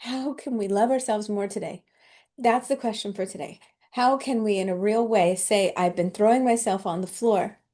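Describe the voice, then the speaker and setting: A woman's voice: medium pitch, normal speed, warm tone. A woman host telling a heartfelt personal story in an emotional, tearful way, often laughing as she talks.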